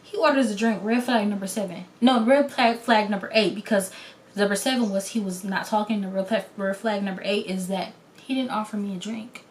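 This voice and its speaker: A young adult woman telling a story in a casual, blunt and animated way, acting out the lines of the people in it. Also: medium pitch, fairly quick. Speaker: vlogger.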